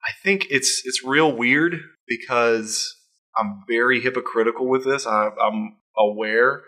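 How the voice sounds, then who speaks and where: A man co-hosting a podcast in casual chat, rambling and halting with lots of fillers. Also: medium pitch, bright, forceful tone. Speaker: podcast co-host.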